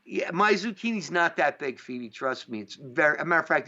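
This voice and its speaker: A man's voice: fairly high pitch, lively intonation, a little fast, sharp tone. Rambling man from upstate New York, lo-fi. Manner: rambling, profane, lots of fillers. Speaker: podcast host. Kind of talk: casual chat. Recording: dull lo-fi sound.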